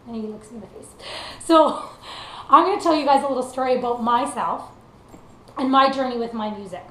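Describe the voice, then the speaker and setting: A woman's voice: a little high, fairly quick, fairly bright tone. A young woman from Canada, a country singer, giving an earnest, casual motivational talk with lots of fillers. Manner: earnest, conversational, many fillers. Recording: echoey room with faint noise.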